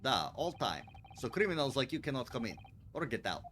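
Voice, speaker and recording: A man putting on a gruff burly Russian sailor. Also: mid-range voice, big pitch swings, brisk, a bit bright, slight background noise. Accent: put-on Russian. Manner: broken English, barking accusations. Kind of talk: voicing game characters on a livestream.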